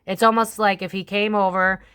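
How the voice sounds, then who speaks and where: A woman's voice: mid-range voice, level tone, brisk, bright, forceful tone, smooth. A young woman chatting casually through a tarot reading, swearing freely and slipping into other people's voices. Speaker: tarot reader and channel host. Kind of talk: casual psychic tarot commentary.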